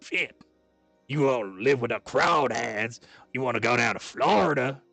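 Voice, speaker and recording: A man's voice: medium pitch, lively intonation, a little slow, vocal fry, sharp tone, no room sound, soft background music, full character voice. A man voicing an opinionated, crude Southern American man with a Southern accent, drawling and mocking.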